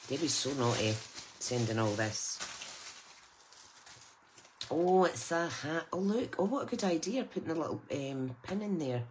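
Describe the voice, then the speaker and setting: A woman's voice: deep voice, expressive, measured pace, pauses often, a little hiss or hum, poor audio. A middle-aged woman, chatting casually and exclaiming with delight as she unboxes craft gifts. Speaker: craft channel host.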